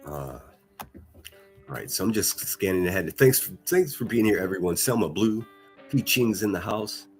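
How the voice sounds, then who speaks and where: A man's voice: sits low, animated, moderate pace, soft background music. A man from the northern United States ranting on a livestream, profane, mocking and combative.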